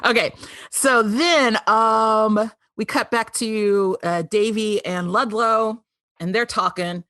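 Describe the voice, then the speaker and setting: A woman's voice: fairly high pitch, fairly even intonation, takes it slowly, a bit bright, dry recording. Chatty woman recapping a show, giggles a lot, dry close sound. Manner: chatty, giggly, acts out bits in little voices. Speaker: podcast co-host. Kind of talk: casual chat recapping a TV episode.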